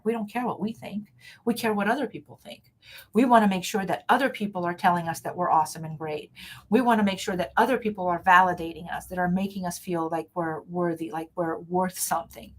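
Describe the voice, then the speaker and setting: A woman hosting a motivational talk over a video call, speaking frankly and emphatically with self-assurance. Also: mid-range voice. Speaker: host.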